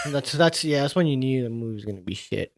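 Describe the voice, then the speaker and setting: A man's voice: medium pitch, animated, a little fast. A man co-hosting a podcast, chatting casually about horror movies in a profane, joking way. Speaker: podcast co-host. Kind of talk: casual movie review chat.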